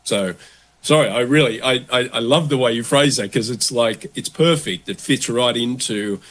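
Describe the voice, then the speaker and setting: Man, podcast guest, middle pitch, animated, lively explaining. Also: moderate pace. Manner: animated, acts out quoted voices. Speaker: guest, relocation consultant. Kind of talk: conversational interview.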